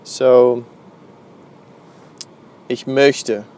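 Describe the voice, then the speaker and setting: Man, language teacher, casual video lesson, slow pace, mid pitch, hesitant fillers. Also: steady tone, a little mellow. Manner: slow, unhurried explaining with many fillers.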